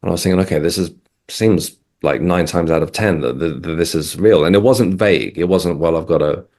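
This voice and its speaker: A middle-aged Englishman with a low, slightly mellow voice speaks briskly as a guest in a casual interview. He recounts events hesitantly, often restarting and saying um a lot.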